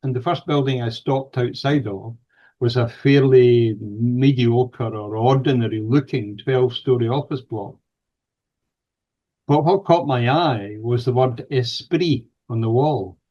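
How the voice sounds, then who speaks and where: An older Scottish man tells a long personal story as an interview guest, pausing on fillers and starting phrases over. His voice sits at an ordinary mid pitch for a man. The audio is slightly dull and lo-fi. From Scotland. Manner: hesitant fillers and restarts while recounting dialogue. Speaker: guest, paranormal researcher. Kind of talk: anecdotal storytelling in conversation.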